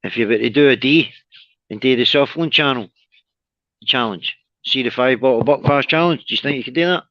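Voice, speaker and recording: A man's voice: medium pitch, brisk, dry recording. A Scottish man on a live stream, teasing the host and laughing often in casual banter. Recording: dry lo-fi stream audio.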